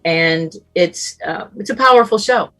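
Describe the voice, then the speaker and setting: A middle-aged woman, a longtime radio talk show host, speaking earnestly and warmly about being of service in a casual panel conversation. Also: fairly low pitch, unhurried. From Southern California. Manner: earnest, offering service, warm storytelling.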